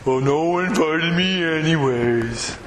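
A man voicing a gloomy, self-pitying cartoon donkey in a slow, mopey way. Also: a little high, lightly acted. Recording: echoey hall with background noise.

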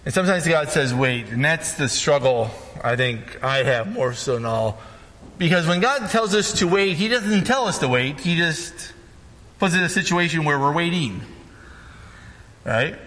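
A man's voice: on the high side, lively intonation, normal speed, fairly bright tone, in a large hall. A man preaching a casual sermon as pastor, talking conversationally and often checking in with "right?".

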